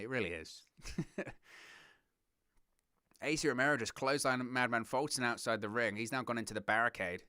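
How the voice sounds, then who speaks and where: A young man from southern England with a southern English accent, hosting a wrestling watch-along with excitable play-by-play commentary. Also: mid-range voice, moderate pace, pauses often, clean tone, dry recording, studio quality. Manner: excitable play-by-play, giggles at puns, reads chat.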